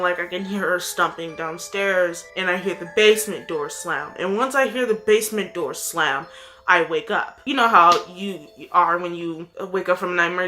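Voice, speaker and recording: A woman's voice: medium pitch, sharp tone. A young woman vlogger telling a story casually, rambling with plenty of fillers.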